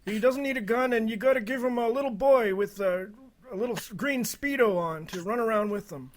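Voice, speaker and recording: A man's voice: very high-pitched, brisk, pitched above the performer's own voice. A man voicing a boastful old man who reminisces about early comics in a put-on voice.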